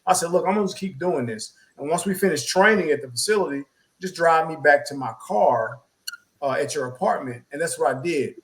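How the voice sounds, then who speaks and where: A man co-hosting a talk show, telling a personal story in a casual, animated way, often repeating words and acting out quotes. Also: on the high side, a little fast, rough recording. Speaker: podcast co-host.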